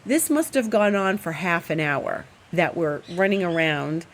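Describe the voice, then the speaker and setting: A woman astrologer host, at home, telling a story in a casual, animated and rambling way with fillers. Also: fairly low pitch, unhurried. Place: at home, indoors.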